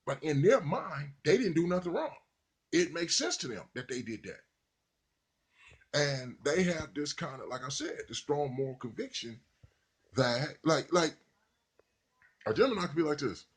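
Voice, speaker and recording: A man giving a casual, rambling, profane monologue, voice jumping high when he mimics other people. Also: husky. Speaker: podcaster.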